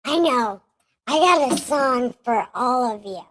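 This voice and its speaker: A woman's voice: high voice, lively intonation, measured pace, a bit bright. A woman hosting a livestream in casual chat, joking and laughing often. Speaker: livestream host.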